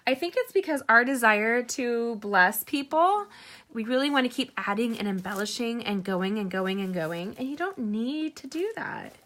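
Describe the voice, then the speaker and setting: A woman's voice: fairly high pitch, lively intonation, normal speed, fairly bright tone. A middle-aged woman hosting a casual live card-making tutorial, chatty and rambling with personal asides.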